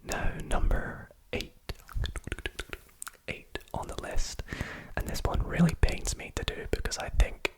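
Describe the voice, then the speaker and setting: An ASMR creator whispering casually into a close studio microphone, rambling with frequent restarts. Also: poor audio. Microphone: close studio microphone, sometimes with pop filter.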